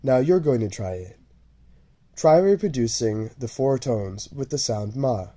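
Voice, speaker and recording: A man teaching a language lesson, speaking slowly and deliberately and repeating syllables over and over for the listener to copy. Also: medium pitch, animated, dark tone. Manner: drawn-out, repeated syllable drills. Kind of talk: slow, deliberate lesson narration.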